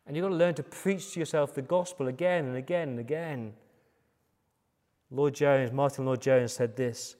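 English male pastor, emphatic sermon delivery, mid pitch, long church reverb. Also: steady tone, moderate pace, a little mellow. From England. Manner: emphatic, building repetitions.

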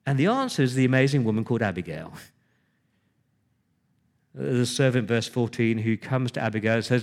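A man's voice: mid-range voice, expressive, a little fast, pauses often. A man preaching a sermon, retelling scripture conversationally with emphatic repetition.

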